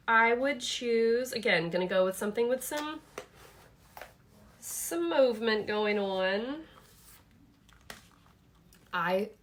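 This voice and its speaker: A woman's voice: on the high side, pushed and bright. A woman, hosting a casual live product chat from her home office. She is chatty and enthusiastic, thinking aloud with many fillers. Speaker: host showing her planner products.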